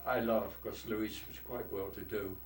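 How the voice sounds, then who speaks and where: A man's voice: on the low side, steady tone, moderate pace, a little mellow, recorded from a distance. An old man with a London accent tells war stories bluntly, with a salty turn of phrase. He sits some way from the mic in an echoey room, with a faint hiss underneath. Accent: London English. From London, England. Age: 80s. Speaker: war veteran interviewee. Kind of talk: oral history storytelling.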